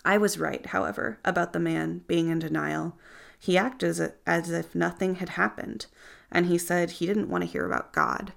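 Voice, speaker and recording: A woman's voice: on the low side, expressive, moderate pace, vocal fry. A woman narrating a nonfiction audiobook in the first person, earnest and reflective.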